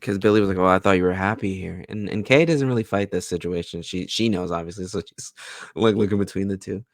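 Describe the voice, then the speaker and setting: Deep, gravelly man retelling a plot. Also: fast, no echo, clean studio sound. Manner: steady plot retelling with fillers. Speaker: podcast co-host. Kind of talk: casual TV recap chat.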